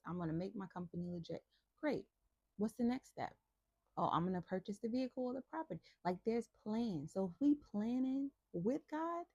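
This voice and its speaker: A woman's voice: lowish voice, gravelly, warm tone, husky, no echo, dull audio. A woman hosting a casual Bible devotional, talking to listeners in a chatty, playful and encouraging way. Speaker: host of a faith devotional channel.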